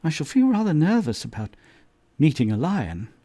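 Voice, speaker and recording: A polite, nervous schoolgirl, as a man reading aloud puts her on, speaks in a proper, hesitant way. Her voice sits a little higher and softer than plain talk, with lively rises in pitch. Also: normal speed.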